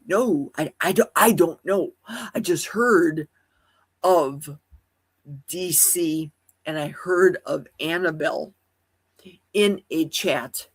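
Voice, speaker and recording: Woman livestream host, husky high voice, rambling musings full of rhetorical questions. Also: slow, long pauses. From Wisconsin. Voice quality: high, youthful-sounding voice. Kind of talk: casual solo livestream chat. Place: at home in a forest.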